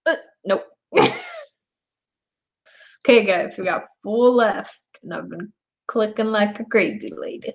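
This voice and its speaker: A woman's voice: medium pitch, slow, vocal fry, long pauses. A young woman chatting casually with her viewers on a live stream, laughing often. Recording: dull lo-fi stream audio.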